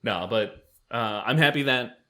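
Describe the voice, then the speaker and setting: A man in casual podcast chat with friends, speaking in a voice of middling pitch. He talks in animated bursts, drops swear words freely and restarts his sentences. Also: a little slow. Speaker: podcast host and game master.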